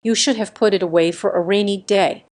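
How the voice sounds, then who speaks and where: A woman's voice: medium pitch, fairly even intonation, brisk, a little mellow, natural voice. A woman reading a trembling, anxious mother. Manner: trembling, pleading.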